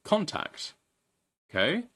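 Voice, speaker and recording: A man's voice: slow, fairly bright tone. A man casually commenting on a live stream, swearing and rambling as he repeats himself.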